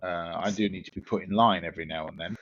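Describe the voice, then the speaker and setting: London bloke, lowish voice, rambling cheeky podcast story, dry dull mic. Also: male voice, steady tone, quick pace, husky. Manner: rambling anecdote with frequent restarts, laughing and cheeky. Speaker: podcast co-host. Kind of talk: casual storytelling chat.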